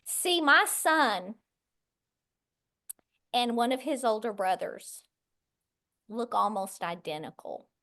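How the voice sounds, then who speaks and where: The speaker, a middle-aged woman from West Texas, shares her story on someone else's podcast, voicing its characters with animation. Her pitch leans high, and she talks slowly, pausing often.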